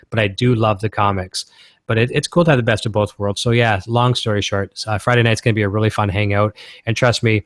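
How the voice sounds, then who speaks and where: A man's voice: fairly low pitch, dry recording, studio quality. A man from Canada hosting a casual guitar-gear livestream, talking in an enthusiastic, rambling way.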